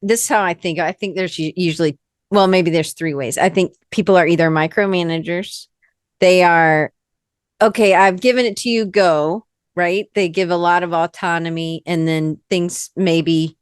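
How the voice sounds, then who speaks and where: Rambling Southern woman, smooth voice. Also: lowish voice, normal speed, no echo, studio quality. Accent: Southern American. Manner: rambling, lively, self-interrupting. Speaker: podcast host. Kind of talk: casual conversation.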